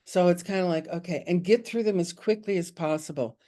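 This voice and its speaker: A woman's voice: fairly low pitch, brisk, mellow. A woman leading a spiritual study group over a video call, talking in an informal, confiding way and chuckling often. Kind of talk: informal spiritual teaching talk.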